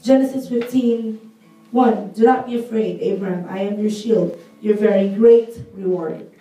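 A teenage girl with a husky voice, earnestly and casually urging a church to give offerings and reading scripture aloud. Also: medium pitch, moderate pace. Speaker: church member exhorting for offerings. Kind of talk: church exhortation. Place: church hall. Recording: echoey hall, mic far off, soft guitar behind.

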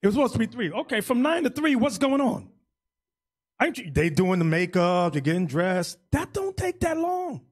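A man preaching as bishop in an emphatic, loud sermon style. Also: high voice, very animated, normal speed, slightly rough. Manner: loud, emphatic, shouting at peaks. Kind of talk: animated sermon teaching.

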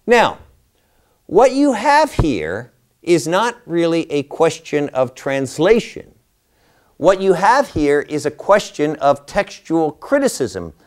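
A man's voice: on the high side, clear, resonant tone. A man teaching a Bible class, lecturing through a passage and posing rhetorical questions to his listeners.

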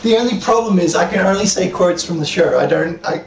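Goofy, gravelly male streamer in an echoey room. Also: sits high, lively intonation, brisk, recorded from a distance. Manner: joking, goofy, trying silly impressions. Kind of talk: casual gameplay commentary. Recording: roomy room with faint background noise.

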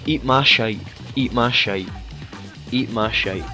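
A young man giving rowdy, sweary let's play commentary, often shouting at the game. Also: medium pitch, takes it slowly, music in the background. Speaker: gamer.

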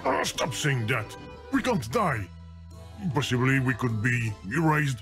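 An actor voicing a fussy, flustered video game that talks, in an exasperated manner. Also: male voice, mid-range voice, sing-song, unhurried, fairly bright tone. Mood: fretful. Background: game music.

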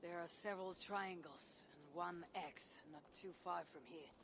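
A woman's voice: fairly low pitch, unhurried. An actress playing a blunt female Viking settlement leader in a video game, dry and matter-of-fact. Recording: game audio with clear background noise.

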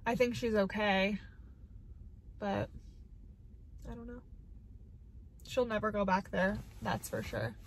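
A woman's voice: mid-range voice, fairly even intonation, slow, long pauses. Upset woman vlogging in her car, teary, says like a lot, mid voice, bit of hiss. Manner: rambling, heavy use of "like" fillers. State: tearful, upset. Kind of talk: casual vlog talk to camera. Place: parked car.

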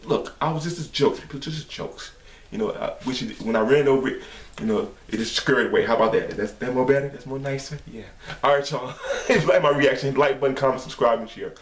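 Brief: male reaction host, loud and profane, mid pitch, sits back from the mic in a roomy space. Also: a little fast, distant mic. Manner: profane, excitable, shouts and laughs at clips. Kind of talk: casual reaction commentary. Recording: echoey room, voice off-mic, faint noise.

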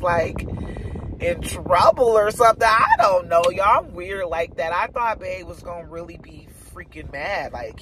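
A woman mom vlogger chatting casually to her viewers, telling a personal story in an animated, chatty way. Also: medium pitch.

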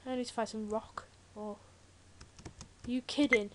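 Playing a video game for a Let's Play, a teen girl from Britain speaks at a moderate pace in a highish voice with fairly even intonation. She keeps up jokey, chatty commentary packed with rambling asides, over loud keyboard typing and clicks.

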